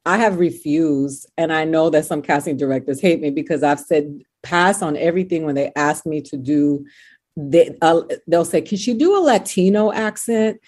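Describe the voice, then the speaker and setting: A woman raised speaking Spanish at home, with an East Coast American accent, telling stories as a guest in an animated, rambling way with lots of restarts. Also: deep voice, normal speed. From United States. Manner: animated storyteller, many restarts and fillers. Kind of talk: casual interview chat.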